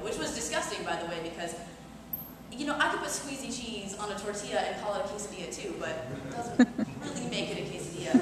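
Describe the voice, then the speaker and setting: A woman doing her first stand-up set, telling a rambling anecdote full of "like" and projecting her voice with no microphone. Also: mid-range voice. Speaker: stand-up comedian. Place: performance hall with an audience. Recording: echoey hall from far off, noisy room.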